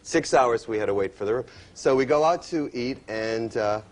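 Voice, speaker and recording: Quick, teasing stand-up comedian, a man. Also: mid-range voice. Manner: quick, teasing banter with the crowd. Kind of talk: stand-up routine, then chat. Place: stage before a live audience.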